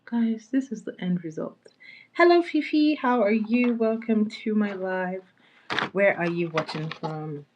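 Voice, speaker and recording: A woman's voice: mid-range voice, animated, unhurried, darkish tone, highs cut off, slight background noise. A woman hosting a casual makeup livestream, chatting with viewers and greeting them by name as she applies products. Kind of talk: casual live-stream chat.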